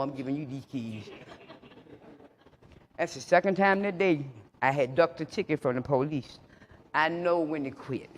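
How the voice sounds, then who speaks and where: High-voiced man telling stories. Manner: animated storyteller acting out both sides of the dialogue; colloquial, laughing through his stories. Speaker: recovery speaker. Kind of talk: storytelling talk to a live audience. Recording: echoey hall reverb.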